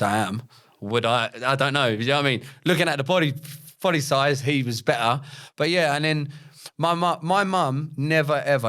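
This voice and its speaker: A man's voice: medium pitch, fairly bright tone. A young man, a podcast guest telling his life story in a blunt, slangy way with plenty of swearing. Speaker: podcast guest, former paratrooper and fighter. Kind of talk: casual storytelling interview.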